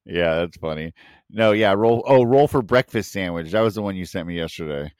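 Laid-back low-voiced man, dry mic. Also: animated, fairly quick, darkish tone, smooth, no room sound. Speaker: podcast co-host. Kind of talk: casual chat.

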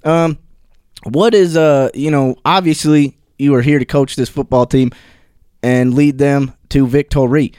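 A man playing a halting, fawning sports reporter with a Wisconsin accent, full of fillers. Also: medium pitch, steady tone, a little mellow, clear, resonant tone, no room sound, clean studio sound, close to an everyday voice. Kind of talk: improvised comedy sketch.

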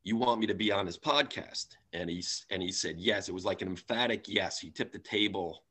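A man's voice: low-pitched, brisk, sharp tone, husky. A man who is a guest on a podcast, speaking hesitantly and recounting past conversations step by step. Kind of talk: casual conversation.

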